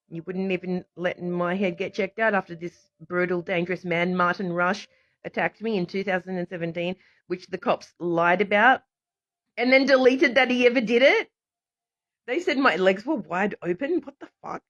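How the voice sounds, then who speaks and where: Woman, livestream monologue, rambling and animated, mid pitch, dull lo-fi phone audio. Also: normal speed. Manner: rambling, animated, laughs often. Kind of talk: casual live stream monologue.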